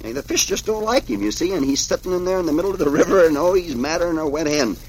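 A man's voice: on the high side, animated, fast, a little mellow, a little hiss or hum, poor audio. A man, reading comic strips aloud to a child in a chatty, folksy way. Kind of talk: folksy read-aloud storytelling.

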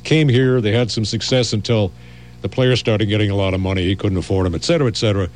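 A man's voice: fairly low pitch, fairly even intonation, fast talker, darkish tone. An older man, a veteran radio host, telling rambling stories and often breaking off mid-phrase. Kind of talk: anecdotal storytelling.

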